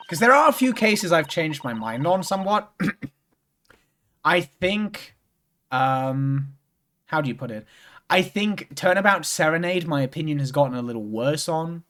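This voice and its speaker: A young man talking casually over a game stream, his voice sitting a little higher than most men's. He rambles and loops back on himself, filling gaps with lots of "like" and "um". He swears offhandedly as he goes. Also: expressive, unhurried, fairly bright tone. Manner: rambling, full of "like" and restarts, swears freely. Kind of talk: casual chat while playing a game.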